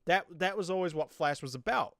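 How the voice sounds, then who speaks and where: A man's voice: fairly high pitch, fairly quick, gravelly, dry recording, studio quality. A man with a New Zealand accent giving a casual, rambling spoken review of a TV episode, with lots of filler words.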